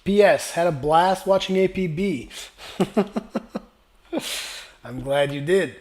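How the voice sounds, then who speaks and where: This young gaming-channel host has a fairly high, slightly mellow voice and speaks slowly. He reads out viewer comments and rambles through casual replies, his voice tiring from a dry throat.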